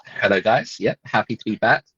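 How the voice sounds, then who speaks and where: Low husky guy cohosting a podcast, chill, dull dry lo-fi mic. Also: expressive, fairly quick, fairly bright tone, no echo. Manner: laid-back, short replies, chuckles. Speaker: podcast co-host. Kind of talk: casual podcast chat.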